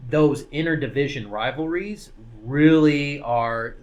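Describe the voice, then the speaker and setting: A man co-hosting a casual podcast, calmly explaining things and often restarting his sentences. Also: fairly high pitch, slow pace, dull audio. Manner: explains patiently, hesitant restarts. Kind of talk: casual chat.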